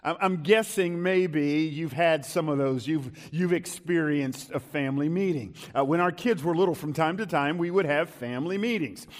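Emphatic male preacher in a reverberant hall. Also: on the high side. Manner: emphatic preaching, slowing and rising on key lines. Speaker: pastor. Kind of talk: sermon.

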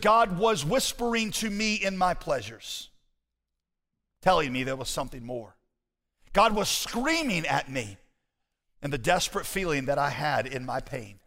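A man preaching a sermon as pastor, animated and conversational with his congregation. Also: on the high side, unhurried, long pauses. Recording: hall reverb.

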